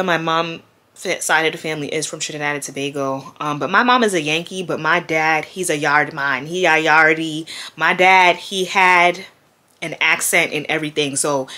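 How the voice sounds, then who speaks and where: Young woman vlogger from Queens with a New York accent, grieving, casual and profane, deep voice with a bright edge. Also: moderate pace. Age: 20s. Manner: grieving, candid, slangy and profane. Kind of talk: casual talk to camera. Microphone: camera mic.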